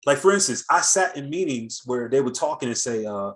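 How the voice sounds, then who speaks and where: An American man hosts a casual talk, winding through a story with plenty of fillers and false starts. His voice sits at an ordinary middle pitch. He retells conversations in an animated, offhand way. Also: fast, few pauses. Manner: rambling, lots of fillers and restarts, animated retelling. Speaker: host.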